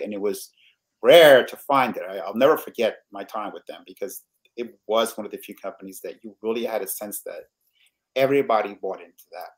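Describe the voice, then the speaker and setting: A man hosting an interview show, sharing his own experience with enthusiasm and tagging his points with "right?". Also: on the low side. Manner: enthusiastic, frequent "right?" tags. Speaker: host. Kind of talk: conversational interview.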